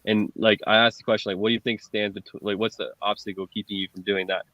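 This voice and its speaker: A man's voice: on the low side, little pitch movement, fast, fairly bright tone, no echo. Casual male host, dull lo-fi sound. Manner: casual, loose with fillers. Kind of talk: casual interview chat. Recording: dull lo-fi call audio.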